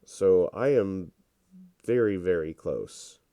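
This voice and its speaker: Slow, deep-voiced congested man commentating. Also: dry recording, clean studio sound. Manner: relaxed, rambling and self-deprecating. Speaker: gameplay commentator. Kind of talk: casual gameplay commentary.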